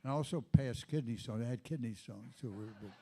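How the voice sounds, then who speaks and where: A man in his eighties hosting a live comedy night, telling meandering deadpan stories with lots of asides. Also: medium pitch, a little fast, creaky, slight background noise. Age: 80s. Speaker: comedy host. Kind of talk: rambling stand-up storytelling.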